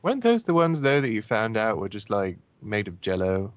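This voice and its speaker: Lively low-voiced man reading fanfiction for laughs. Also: normal speed, dry recording, lo-fi sound. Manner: joking, laughs often. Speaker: fanfiction reading show host. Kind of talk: comedic group reading of fanfiction.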